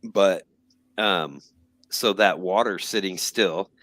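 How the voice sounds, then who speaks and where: A man's voice: sits low, takes it slowly, a bit bright, dry recording. A man co-hosting a podcast, telling stories in casual conversation. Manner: storytelling, conversational. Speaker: podcast co-host. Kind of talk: casual chat.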